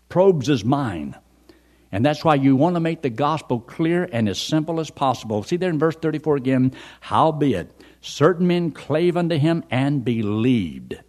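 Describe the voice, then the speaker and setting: Lively-voiced man preaching a folksy sermon. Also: medium pitch. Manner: folksy preaching, reads scripture aloud and tells anecdotes.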